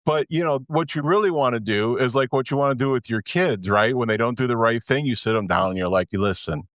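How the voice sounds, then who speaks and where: A man's voice: mid-range voice, quick pace, a bit bright, dry recording, clean studio sound. A man in his fifties hosting a podcast, talking candidly in a rambling way and often breaking off mid-sentence. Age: 50s. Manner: candid, rambling, self-interrupting. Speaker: podcast host. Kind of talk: casual podcast chat.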